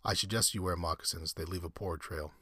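A man's voice: sits low, steady tone, brisk, fairly bright tone, slight background noise. General Zaroff, a courtly, menacing old aristocrat, read by a man. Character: suave, cruel aristocratic old general who hunts men.

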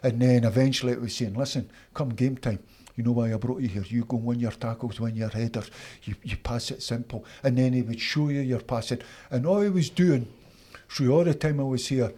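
A Scottish man, a former footballer, telling animated stories from his playing days in an interview, acting out his old coaches. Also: mid-range voice, a little fast. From Scotland. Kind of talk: storytelling interview.

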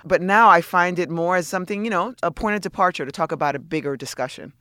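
A woman's voice: on the low side, quick pace, fairly bright tone, no room sound, studio quality. A woman co-hosting a podcast, speaking candidly and reflectively in casual chat. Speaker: podcast co-host.

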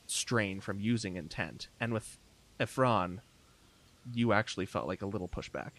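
A man narrating as game master, relaxed and descriptive, with many fillers. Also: fairly low pitch, moderate pace.

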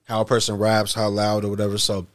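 A man's voice: fairly low pitch, monotone, fast. A man hosting a casual hip hop podcast chat, talking in a loose, laid-back way and swearing freely.

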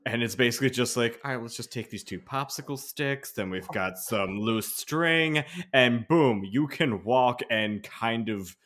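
A man on a casual podcast, talking in a relaxed, slightly hesitant way and repeating words. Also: medium pitch, a little slow, hardly any pauses. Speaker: podcast panelist. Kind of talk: casual chat.

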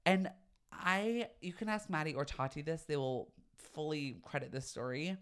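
A man's voice: on the high side, normal speed, fairly bright tone, clear, resonant tone. A young man hosting his own podcast, talking in a campy, dramatic, gossipy way and swearing freely. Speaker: podcast host. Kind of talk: casual solo podcast chat.

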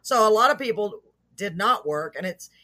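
A woman's voice: mid-range voice, normal speed. Chatty laughing Texan woman. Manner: laughs often, chatty and excitable. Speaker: podcast co-host. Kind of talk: casual chat. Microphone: video call.

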